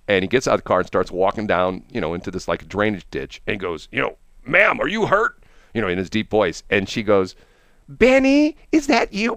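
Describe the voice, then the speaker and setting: A man hosts a casual chat, telling stories in a rambling way. He laughs often and restarts his sentences. His voice sits fairly low and sounds dry and close. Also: smooth, no echo. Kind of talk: casual storytelling.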